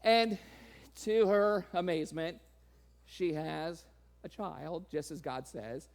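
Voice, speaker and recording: A man's voice: slow pace, gravelly. A man preaching a sermon, laughing often and playfully acting out the people in his reading. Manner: acts out quoted voices with sudden pitch jumps.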